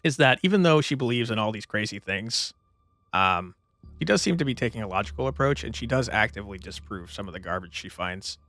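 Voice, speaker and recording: A man's voice: on the low side, animated, a little fast, fairly bright tone. A man hosting a let's play, reading the game's narration aloud and joking casually through it on a close mic. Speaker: let's play gaming channel host. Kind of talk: gaming commentary and reading game text aloud.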